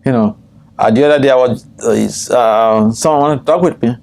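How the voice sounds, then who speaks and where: An older man, a swami, teaching a scripture class, telling stories with frequent chuckles and jumping high in pitch when quoting people. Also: brisk, creaky, darkish tone. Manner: storytelling, chuckles often, jumps high in pitch for quoted speech. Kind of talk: scripture class with personal anecdotes. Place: temple room.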